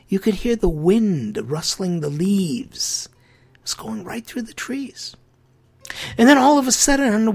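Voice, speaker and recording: A man hosting a religious talk show, telling a story in an earnest, reflective way that sometimes drops almost to a whisper. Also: high voice. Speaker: host.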